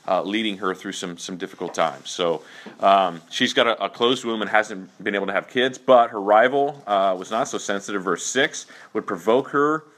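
A man teaching a Bible class in a relaxed, conversational way, full of fillers and frequent "okay?" check-ins to his students. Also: fairly low pitch.

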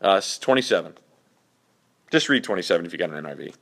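A man teaching a casual Bible study, animated and joking as he explains the passage. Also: deep voice, quick pace.

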